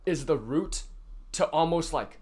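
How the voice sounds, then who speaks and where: A teenage boy in high school talking straight to camera in a casual advice vlog, rambling with lots of fillers and frank swearing. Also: lively intonation, measured pace, a little mellow, slightly rough. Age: teens. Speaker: youtuber.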